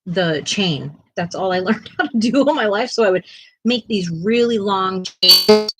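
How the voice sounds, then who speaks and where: A woman's voice: medium pitch, lively intonation, measured pace, fairly bright tone, no room sound, low-quality recording. A woman co-hosting a casual art livestream, chatting in a self-deprecating way and laughing often, and now and then cooing to her pet. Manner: cooing baby talk to a pet.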